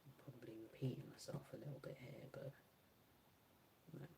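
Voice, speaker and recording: A woman's voice: a bass voice, steady tone, a little fast, vocal fry, dark tone, a little hiss or hum. A woman beauty creator chatting casually through a makeup swatch demo, musing aloud and correcting herself as she goes.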